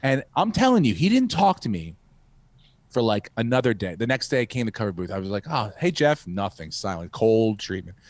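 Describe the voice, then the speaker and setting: A man's voice: fairly low pitch, big pitch swings, a little fast, no room sound. A man hosting a podcast who rambles through a profane story and acts out the quotes. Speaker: podcast host, comedian. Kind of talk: casual storytelling.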